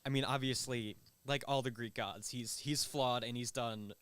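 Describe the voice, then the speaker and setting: A young man with a smooth, clear voice of middle pitch guests on a radio show and explains eagerly in a rambling way, full of "like" and "um". The sound is close and dry. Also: steady tone, moderate pace, a bit bright, no echo. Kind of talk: casual chat. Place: radio studio.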